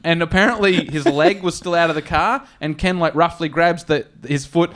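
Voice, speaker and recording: Man, comedy podcast storyteller, slightly high voice, animated, swears a lot. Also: normal speed. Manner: animated, swears a lot, acts out characters with raised voice.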